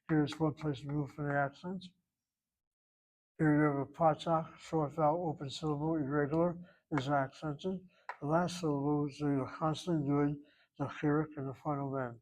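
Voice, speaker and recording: Man teaching a slow Hebrew grammar lesson. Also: fairly high pitch, low-quality recording. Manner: slow, explanatory, repeats words for drill.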